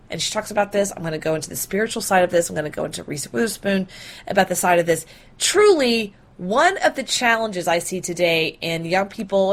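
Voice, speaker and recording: A woman hosting her own podcast, talking casually and excitedly with frequent fillers and laughs. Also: mid-range voice. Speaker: podcast host. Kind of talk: casual solo podcast talk.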